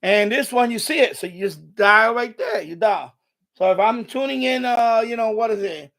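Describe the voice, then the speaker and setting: A man's voice: high voice, moderate pace, gravelly, fairly bright tone. A man hosting an unscripted live stream from his home radio room, rambling, swearing a lot and sounding irritable as he shows his radios.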